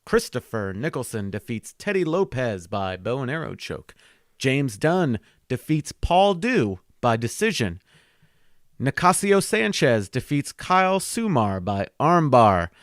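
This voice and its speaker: A man co-hosting a podcast in relaxed, joking banter. He reads results in a mock announcer tone, middle-pitched. The sound is dry and close. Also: measured pace, no room sound. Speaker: podcast co-host.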